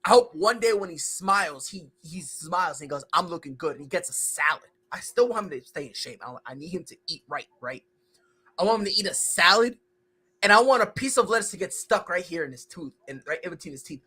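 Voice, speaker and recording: A man's voice: sits high, lively intonation, fairly quick, sharp tone, slightly rough. A man hosting a casual sports podcast, ranting and joking about wrestling and basketball. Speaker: podcast host.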